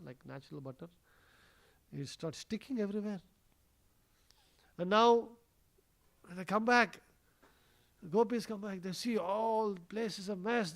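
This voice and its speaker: A man's voice: sits high, a bit bright. A man giving a scripture class in a temple, telling the story in a conversational way, with many fillers. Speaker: temple speaker. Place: temple hall.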